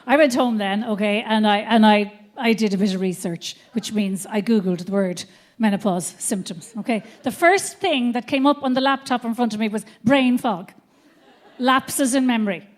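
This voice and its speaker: A woman's voice: fairly high pitch, moderate pace. A woman in her fifties telling brash, profane stories as a stand-up comedian on a theatre stage. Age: 50s. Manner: brash, profane, animated storytelling. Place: theatre stage before an audience.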